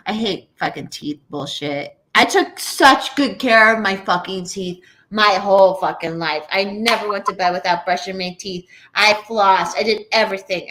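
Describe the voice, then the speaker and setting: A woman's voice: medium pitch, pushed and bright. A woman in her thirties, co-hosting a podcast in casual chat, ranting bluntly and swearing freely. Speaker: podcast co-host.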